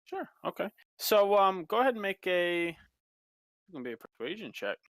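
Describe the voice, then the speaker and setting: A man running a tabletop game as game master, narrating casually and haltingly. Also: high voice, very animated, fairly bright tone, no room sound. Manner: casual, halting, many fillers.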